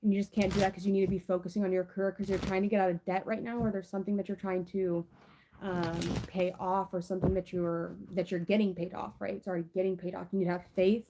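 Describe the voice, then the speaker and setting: A woman's voice: medium pitch, flat delivery, fast, noisy background. A young woman giving a casual tarot reading to camera, rambling with lots of "like" and restarts. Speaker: tarot reader.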